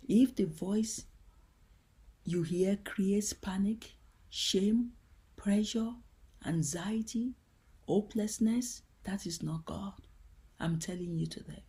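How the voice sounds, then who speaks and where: Slow, gentle woman sharing her faith. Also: medium pitch. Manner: gentle, earnest and heartfelt. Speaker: Christian teacher. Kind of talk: devotional teaching talk.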